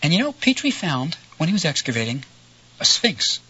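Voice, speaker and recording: Animated, bright-voiced male lecturer. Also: fairly high pitch, moderate pace. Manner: animated, conversational, frequent "right?" asides. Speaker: lecturer on ancient history. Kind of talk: storytelling lecture. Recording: slightly dull lo-fi recording with faint noise.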